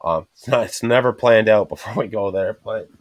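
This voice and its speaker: A man's voice: lowish voice, fairly quick. A man hosting a casual podcast chat, swearing constantly and acting out the people in his stories as he tells them. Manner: swears constantly, animated storyteller acting out quotes. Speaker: podcast host.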